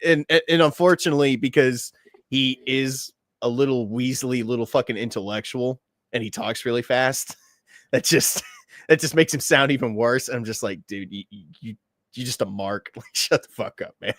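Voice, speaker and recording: A man's voice: medium pitch, normal speed, fairly bright tone, dry recording, studio quality. A man co-hosting a podcast, talking bluntly in casual banter, swearing and laughing often. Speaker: podcast co-host.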